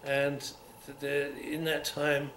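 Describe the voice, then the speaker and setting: A man's voice: fairly high pitch, monotone, slow pace, a bit bright. A man in his seventies with a London accent between upper-class and Cockney, reminiscing in an oral history interview, rambling with restarts. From England. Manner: rambling, with many restarts and repeats. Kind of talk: unscripted reminiscing. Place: museum room. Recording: roomy with faint hiss.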